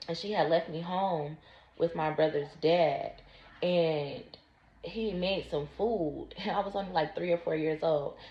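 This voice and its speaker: Woman vlogging her own story, low-ish voice, slow and careful, roomy muffled audio. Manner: slow, deliberate recounting. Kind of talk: personal storytelling. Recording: roomy, dull lo-fi sound.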